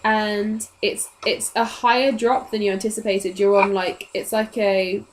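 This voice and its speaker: A woman's voice: medium pitch, flat delivery, unhurried, slight background noise, poor audio. A woman, narrating casually as the game master of a tabletop game. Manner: casual, chatty, laughs often.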